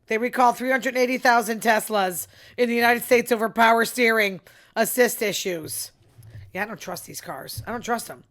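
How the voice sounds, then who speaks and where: Woman doing her own podcast solo, chatty and opinionated, trails off into quiet asides. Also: a little high. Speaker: podcast host. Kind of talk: casual solo podcast chat.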